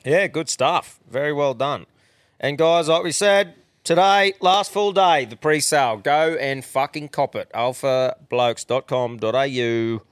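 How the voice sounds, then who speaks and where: A man's voice: medium pitch, measured pace, no room sound, clean studio sound. An Australian man hosting a podcast, talking in laid-back, swearing slang. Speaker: podcast host. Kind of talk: casual podcast chat.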